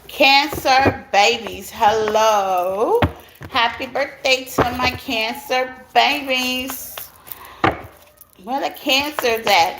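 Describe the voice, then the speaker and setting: A woman giving a casual tarot reading to her viewers, chatty and laughing often as she talks straight to them. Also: on the high side. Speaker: tarot reader. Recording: clear background noise.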